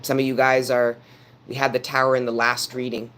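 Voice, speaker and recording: Flat-voiced man preaching at a tarot reading. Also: mid-range voice, brisk. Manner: earnest, preaching directly to his audience; repeats phrases for emphasis. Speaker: tarot reader. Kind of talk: live tarot reading to viewers.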